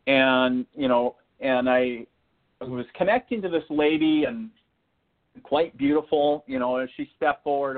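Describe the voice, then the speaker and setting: A man calls in over a thin, phone-like line, his voice sitting a bit high. He tells his spirit encounters as animated anecdotes, acting out the lines he said. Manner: animated, laughing anecdotes with acted-out quotes. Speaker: spiritual medium guest. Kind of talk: casual storytelling on a call-in show.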